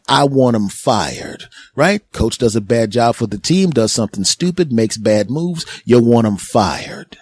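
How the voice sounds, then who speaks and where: A man's voice: lowish voice, normal speed, hardly any pauses, darkish tone, no room sound. A middle-aged man from Philadelphia hosting a podcast, telling a casual comedic story and mocking the people he quotes in put-on voices. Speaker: podcast host.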